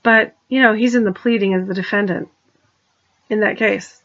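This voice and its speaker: A woman's voice: medium pitch, fairly even intonation, normal speed, fairly bright tone, dull audio. A woman talking in a rambling personal monologue, restarting her sentences and turning pointed and accusing. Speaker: vlogger.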